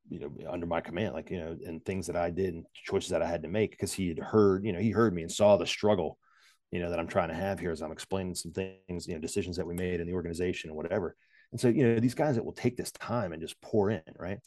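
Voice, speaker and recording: A man's voice: deep voice, darkish tone, dry recording. A man in his forties talking candidly in a casual interview, rambling with many fillers and restarts and joking at his own expense. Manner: self-deprecating humor. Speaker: podcast guest.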